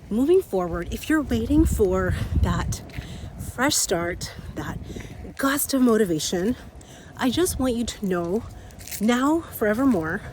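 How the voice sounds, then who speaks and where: A woman in her thirties with a slightly raspy voice, hosting an energetic motivational talk outdoors while a little out of breath from walking uphill. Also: a little high, a little hiss or hum. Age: 30s. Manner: energetic, repeats key phrases, laughs often. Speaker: podcast host and coach.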